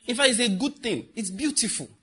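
A man's voice: very high-pitched, a little fast, slightly rough. A middle-aged man from Nigeria telling funny stories and giving advice to young people, often breaking into laughter. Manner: laughing often, lively storyteller, preachy asides. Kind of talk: animated storytelling talk.

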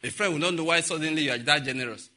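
A man's voice: a little high, rapid-fire, bright, forceful tone. A man preaching a sermon, telling stories and acting out the dialogue. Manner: storytelling, acting out dialogue, frequent laughter.

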